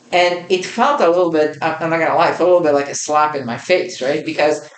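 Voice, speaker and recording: A woman's voice: low voice, fast talker, reverberant. A woman in her fifties co-hosting a podcast, sharing a personal experience in earnest, reflective storytelling. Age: 50s. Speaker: podcast co-host. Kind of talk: casual chat.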